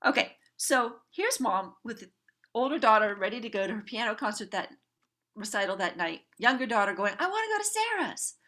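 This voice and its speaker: A woman coaching parents, telling a family story to a group in an animated way and acting out the people in it. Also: medium pitch, a little fast. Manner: animated, acts out quoted family members.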